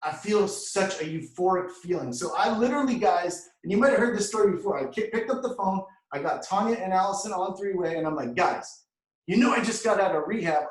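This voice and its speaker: A man telling his story as an energetic motivational testimonial, often calling the crowd "guys.". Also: high-pitched, normal speed, echoey room, distant mic, poor audio. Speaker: award recipient speaker.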